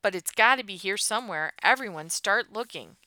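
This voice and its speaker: A woman's voice: medium pitch, animated, a little fast, bright, forceful tone, no echo, voice pushed up. A woman voicing an anxious teenage girl stranded after a crash, speaking with urgent, pleading strain.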